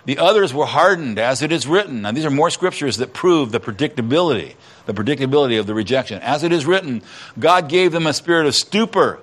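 A man's voice: lively intonation, quick pace, fairly bright tone. Preacher man dramatically retelling scripture. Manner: dramatic retelling, acting out voices with rising pitch and volume. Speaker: pastor. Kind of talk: sermon.

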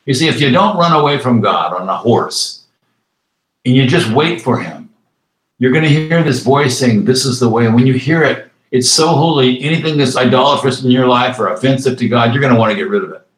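A male pastor delivers a sermon at a mid pitch. He reads scripture slowly and deliberately, then slips into quick, casual asides. The recording carries a roomy echo. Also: lively intonation.

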